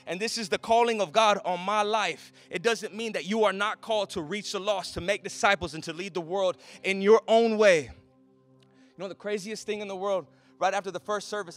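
A man preaching a sermon as a pastor, moving from quiet storytelling to loud, rising exhortation. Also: sits high.

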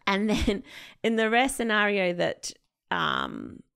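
A woman in relaxed podcast chat, her voice carrying a gravelly fry at the ends of phrases. She talks at a middling pitch, full of "like" and "um", and slips into other people's voices as she retells a story. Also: slow pace. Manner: chatty, many fillers, acts out quoted people. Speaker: podcast co-host.

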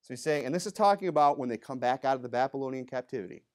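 Male pastor, mid-pitched voice, conversational sermon in a church. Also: lively intonation, very fast. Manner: conversational, frequent "you know" and "okay?", reads scripture louder. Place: church sanctuary.

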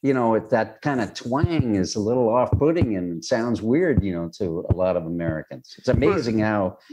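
Reflecting thoughtfully in an interview, a man who works as a screenwriter and director frequently pauses with "you know." He has a lowish, expressive, warm voice, captured in a low-quality recording with a little hiss or hum.

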